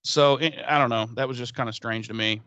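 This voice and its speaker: A man's voice: medium pitch, fairly even intonation, a little fast, sharp tone, dry recording. A man co-hosting a podcast, recapping an episode in casual, profane chat and acting out the characters' lines. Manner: profane, rambling, acts out quotes. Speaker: podcast co-host.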